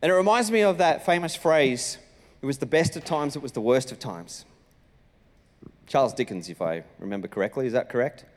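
A man, a senior pastor telling a personal story in a sermon with lively, animated delivery. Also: medium pitch, a little fast. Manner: animated storytelling, acting out his own lines. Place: church auditorium. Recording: reverberant church hall.

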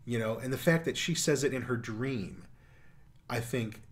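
A man co-hosting a casual movie commentary, chatty and jokey, quick to laugh. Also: mid-range voice.

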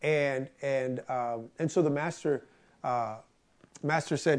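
A man's voice: medium pitch, slow pace. A man preaching a conversational sermon, earnest and storytelling, repeating phrases for emphasis.

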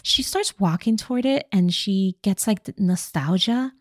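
A woman co-hosting a podcast, casually retelling a movie plot with animated, playful quoted lines. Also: mid-range voice, moderate pace, hardly any pauses, no echo, clean studio sound. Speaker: podcast co-host recapping a movie.

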